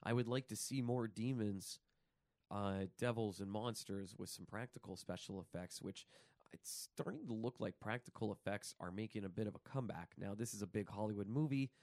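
A man hosting a casual movie news show, excitable and rambling, with plenty of fillers and asides. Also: lowish voice, normal speed, dry recording, clean studio sound. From New York. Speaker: podcast host.

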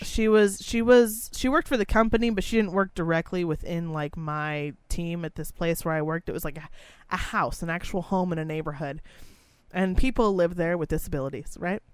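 A young woman telling a story in a casual chat, with a blunt, profane and animated way of talking. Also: lowish voice, normal speed, smooth, no echo.

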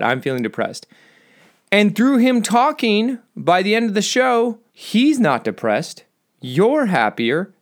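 Solo male podcaster, chatty and self-mocking, wide swings from mutter to yelp. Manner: self-mocking, rambling, swings between low mutters and high excited bursts. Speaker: podcast host.

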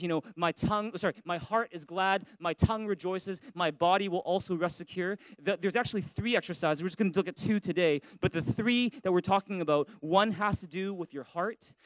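A male pastor delivering a lively, playful sermon, telling stories and leading his congregation in call-and-response. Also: high-pitched, dry recording, rough recording. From Canada. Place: church sanctuary.

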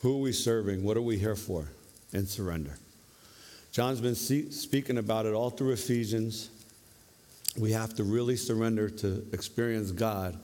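A male preacher giving a lively, conversational sermon, often tagging his points with questions. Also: lowish voice, moderate pace. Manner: conversational, animated, tag questions. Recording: long reverb of a hall.

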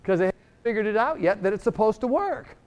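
This middle-aged man from New York talks quickly in a voice that sits high. He's preaching a sermon, animatedly recounting a healing story full of jokes and acting out each speaker in the dialogue.

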